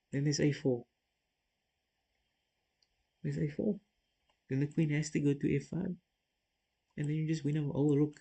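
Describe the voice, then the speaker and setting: A man with a warm, mid-range voice that's slightly rough streams chess over poor audio. He thinks aloud through puzzle moves, chats casually with his viewers, and is hard on himself.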